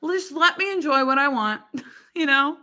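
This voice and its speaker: Bubbly, giggly woman with a bright voice. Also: high voice, lively intonation, moderate pace. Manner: bubbly and giggly, many fillers like "like" and "um". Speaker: YouTuber reading viewer comments. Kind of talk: casual chat.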